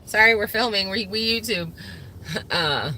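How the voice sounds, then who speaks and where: A woman's voice: mid-range voice, a little slow, bright, forceful tone, a little hiss or hum. A middle-aged woman co-hosting a casual live chat from inside a car, laughing often as she tells her story. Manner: laughs often and tells stories with a lot of feeling. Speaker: co-host of a farm channel.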